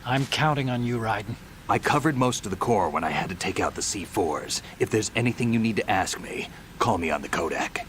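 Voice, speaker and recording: Peter Stillman, calm bomb expert. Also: lowish voice, fairly quick, hardly any pauses, a little hiss or hum. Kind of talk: video game cutscene dialogue.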